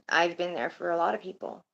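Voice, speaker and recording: A woman's voice: fairly low pitch, creaky, dull audio. A woman streaming and chatting casually with her viewers, rambling and swearing now and then. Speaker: streamer talking to her chat. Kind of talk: casual livestream chat.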